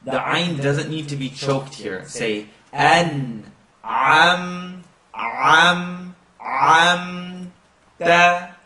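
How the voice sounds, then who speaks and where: Slow-speaking man teaching recitation, echoey. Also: on the high side, sharp tone, distant mic. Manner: slow drawn-out demonstration of sounds, chanting recitation. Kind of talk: pronunciation lesson.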